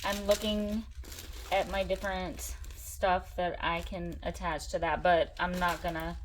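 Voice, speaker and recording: A woman hosting a casual crafting tutorial, chatty and excitable, gushing over her supplies. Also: fairly low pitch, measured pace, a little hiss or hum. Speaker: craft channel host.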